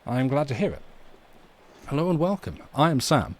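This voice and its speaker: A man from the UK, hosting a livestream from home in a soft, rambling, chatty way and reading poetry aloud. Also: medium pitch, sing-song, brisk. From United Kingdom. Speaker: livestream host. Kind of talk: casual livestream chat and poem reading. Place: home room.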